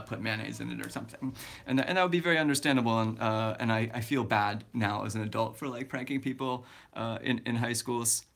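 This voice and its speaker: A man's voice: lowish voice, a bit bright. Young male vlogger, casual live chat, rambling and full of fillers. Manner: rambling, many fillers and restarts, chatty.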